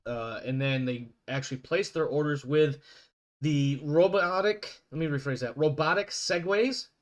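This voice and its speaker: A man's voice: a little high, unhurried. A man running an online tabletop game as game master, talking over a voice call in a rambling way and often correcting himself.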